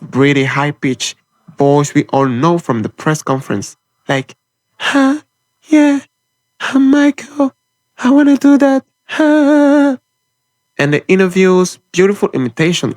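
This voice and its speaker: A man's voice: mid-range voice, no echo. A man delivering an impassioned, opinionated film commentary monologue in short, punchy phrases.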